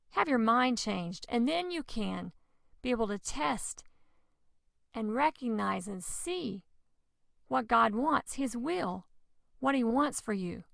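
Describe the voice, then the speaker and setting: A woman giving a lively, expressive devotional message, with sudden loud exclamations. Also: medium pitch, vocal fry, no room sound, studio quality. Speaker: preacher. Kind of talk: lively children's-style devotional teaching.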